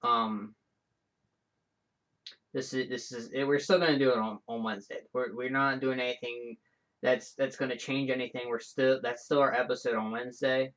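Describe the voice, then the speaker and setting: A man hosting his own show in a casual, rambling solo chat, animated and full of restarts and side comments. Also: medium pitch, moderate pace. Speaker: show host.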